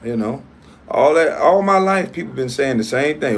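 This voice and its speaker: A man's voice: medium pitch, expressive, moderate pace, creaky. A man hosting his own livestream, talking in a casual, blunt and profane way as he confronts a critic. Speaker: livestream host.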